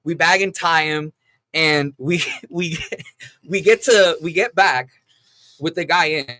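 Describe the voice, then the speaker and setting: A man telling stories from his army days in a casual, profane way, acting out the loud lines he quotes. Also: a little high, takes it slowly, dry recording. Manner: animated, acts out yelled quotes. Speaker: veteran telling war stories.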